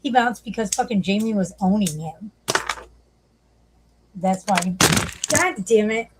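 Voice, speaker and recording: A woman's voice: medium pitch, a little slow, very noisy. A woman hosting a livestream, chatting casually, swearing often and laughing as she talks. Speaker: livestream host.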